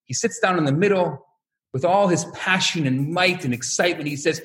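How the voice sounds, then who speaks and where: A man's voice: a little high, fairly quick. A man giving a talk, telling stories and acting out the voices of the people in them. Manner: animated, acts out quoted voices. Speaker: lecturer. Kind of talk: storytelling talk.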